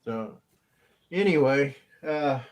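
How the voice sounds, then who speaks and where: A man hosting a casual group call, talking haltingly with repeated words and dry jokes. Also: mid-range voice, lively intonation, slight background noise.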